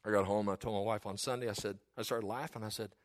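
A man's voice: on the low side, steady tone, quick pace. A middle-aged man preaching a sermon, who jokes about himself and acts out the voices of the people he quotes.

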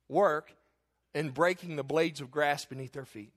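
A man preaching a sermon as pastor, emphatic and rising into loud bursts. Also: a little high, unhurried.

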